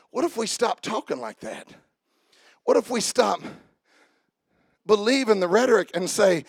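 A man preaching a sermon, dropping to quiet asides and then rising to shouts. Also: sits high, big pitch swings, moderate pace, creaky, husky, no echo, clean studio sound.

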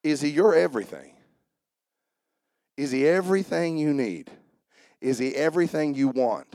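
A man's voice: on the high side, animated, moderate pace, warm tone, no room sound, clean studio sound. A man preaching a sermon as pastor, fervently asking the congregation questions and answering them. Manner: preaching with rising fervor and call-and-response questions.

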